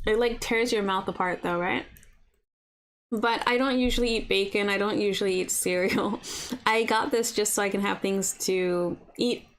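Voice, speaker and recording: A young woman with a mid-range voice hosts a laid-back breakfast livestream from her apartment, with a faint hiss or hum in the background. She chats freely, says "like" constantly, and reads and responds to viewer comments as they arrive.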